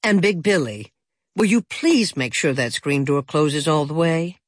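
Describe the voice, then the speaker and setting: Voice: medium pitch, lively intonation, measured pace, no echo, studio quality. A storybook narrator voicing a mother, a woman who scolds and exclaims in alarm. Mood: exasperated. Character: flustered mother, sharp and commanding.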